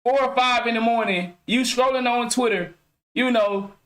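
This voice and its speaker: A man's voice: extremely high pitch, steady tone, normal speed, a bit bright. A man hosting his own podcast, ranting casually to viewers with loose slang, heavy cursing and frequent restarts. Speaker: podcast host.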